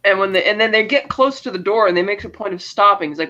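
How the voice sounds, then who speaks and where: A man with a notably high voice retelling movie scenes on a podcast, chuckling as he quotes the characters' lines. His audio comes through dull and lo-fi, as though from a weaker mic. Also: fast talker, bright, forceful tone. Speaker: podcast co-host. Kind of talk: casual film-recap chat.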